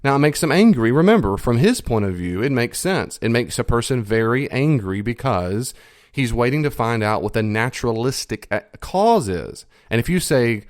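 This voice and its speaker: A man hosting a podcast, explaining ideas emphatically. He repeats key phrases and stretches out stressed words slowly. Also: no echo, clean studio sound. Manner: lively swings in pitch for emphasis. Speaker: podcast host.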